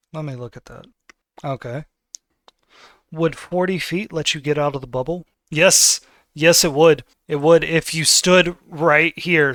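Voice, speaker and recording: A man's voice: fairly high pitch, fairly bright tone, no echo, studio quality. A man acting as game master of a tabletop game, talking casually and rambling, with many fillers and restarts. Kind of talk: running a tabletop game over voice chat.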